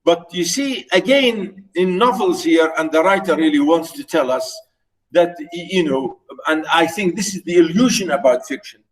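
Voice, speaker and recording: A man whose first language is Arabic lecturing on literature, explaining slowly with repeated words and many fillers. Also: fairly high pitch, animated, far from the mic, rough recording. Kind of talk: recorded lecture.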